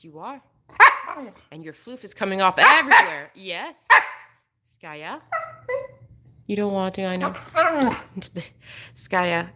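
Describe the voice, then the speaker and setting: Her voice is lowish and sharp as she talks casually on a home live stream from an indoor room. Every so often she breaks off to coax her dog in a sing-song voice.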